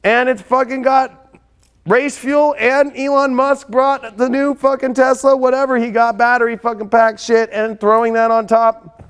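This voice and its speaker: High-voiced guy doing his weekly astrology rundown, cussing a lot, gets hyped then goes all hushed and serious. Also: unhurried, clean tone. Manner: excitable, profane, swings between hyped and hushed. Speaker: astrology show host. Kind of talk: casual astrology forecast.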